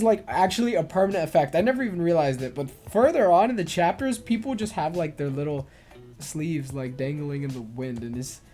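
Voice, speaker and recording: A young man reviewing a manga series in a casual, excitable, profane and rambling way. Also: high voice. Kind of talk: casual video commentary.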